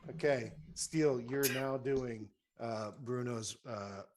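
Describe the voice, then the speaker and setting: A man running a tabletop game as game master, talking haltingly with many fillers. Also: medium pitch, a little mellow, slight background noise.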